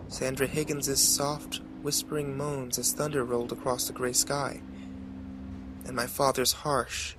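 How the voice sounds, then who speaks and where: A man narrating a horror story in a measured, dramatic way. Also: mid-range voice, background noise.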